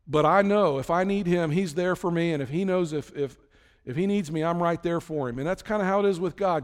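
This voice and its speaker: A man's voice: sits high, brisk, big-room sound. A man preaching a sermon in a conversational way, acting out prayers and imagined talks with God. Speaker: pastor.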